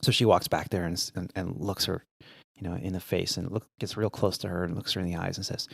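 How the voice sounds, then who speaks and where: A man co-hosting a podcast, telling a long joke in a casual, animated way and voicing the people in it. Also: deep voice, fast talker, gravelly, slightly rough, no room sound, studio quality. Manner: animated joke-teller, voices the characters. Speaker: podcast co-host. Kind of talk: casual storytelling chat.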